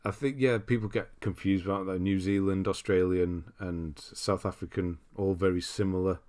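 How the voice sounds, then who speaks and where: With a low, darkish voice and a steady tone, a young British livestream host moves at a moderate pace. He keeps things loose, reading viewer comments and frequently breaking into laughter.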